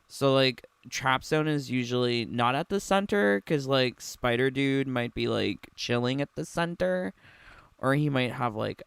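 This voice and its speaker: A young man drawls through his reaction commentary at an unhurried pace, sarcastic and quick to giggle. His voice has a gravelly edge but stays smooth and clear, recorded dry and close with no room sound. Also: mid-range voice, no room sound. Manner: sarcastic, giggly, filler-heavy. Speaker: streamer reacting to a game trailer.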